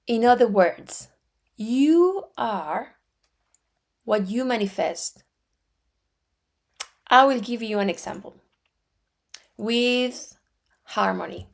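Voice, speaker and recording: A woman in her forties with an Argentine Spanish accent, teaching metaphysics in a slow, deliberate way with frequent restarts. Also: fairly high pitch, expressive, vocal fry. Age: 40s. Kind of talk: spiritual teaching talk.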